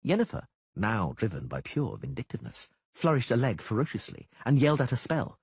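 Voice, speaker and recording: Husky guy reading a fantasy audiobook, dramatic, swings all over, dry studio sound. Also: mid-range voice, brisk, dry recording. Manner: dramatic, animated delivery. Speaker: audiobook narrator. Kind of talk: scripted fantasy audiobook narration.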